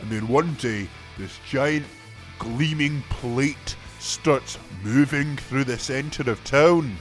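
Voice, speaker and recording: A man voicing a young metalhead who excitedly rambles through his recollections. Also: mid-range voice, slow pace, soft background music, natural voice. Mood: reminiscing. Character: young male Perth metalhead local.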